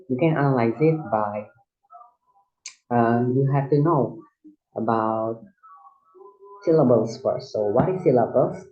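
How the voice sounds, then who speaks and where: A man whose first language is Indonesian gives a recorded lesson, explaining step by step in a halting way with frequent restarts. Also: mid-range voice. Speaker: student teacher. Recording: dull lo-fi recording.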